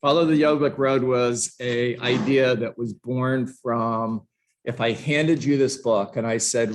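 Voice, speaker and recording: A man's voice: mid-range voice, takes it slowly. A man teaching a live book-study lesson to a room of agents, passionate and emphatic, with sarcastic asides. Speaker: real estate trainer.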